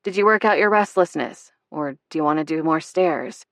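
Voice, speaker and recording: A woman narrator voicing a soft-spoken, sincere grown woman with a low, sweet voice in an audiobook. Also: normal speed, no room sound, studio quality. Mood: gentle.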